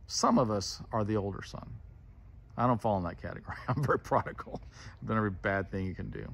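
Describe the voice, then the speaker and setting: A man's voice: fairly low pitch, creaky. A man retelling a Bible parable in a casual, earnest way and acting out the characters' words. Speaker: preacher.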